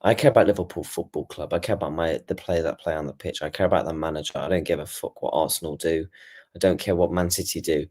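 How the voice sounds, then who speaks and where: A man's voice: low-pitched, quick pace, a little mellow, slightly rough. A man hosting his own channel, giving a rambling, frustrated post-match reaction and swearing as he talks. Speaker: football fan channel host.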